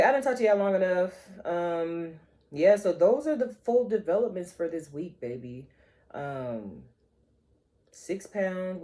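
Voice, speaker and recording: A woman's voice: lowish voice, dark tone. A woman vlogger, chatting playfully to her viewers and calling them honey and child. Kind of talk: casual chat to camera.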